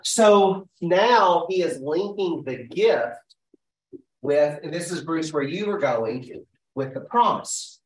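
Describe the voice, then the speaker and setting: Casting: male study leader, slightly high voice, lively and searching, distant echoey room. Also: slow pace. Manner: animated, thinks aloud with restarts and rhetorical questions. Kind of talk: teaching a group Bible study.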